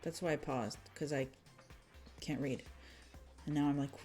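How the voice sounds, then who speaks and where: A woman's voice: sits low, fairly even intonation, unhurried, mellow, soft background music. A woman streamer reading a visual novel aloud, with casual, self-mocking asides. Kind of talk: casual game read-through commentary.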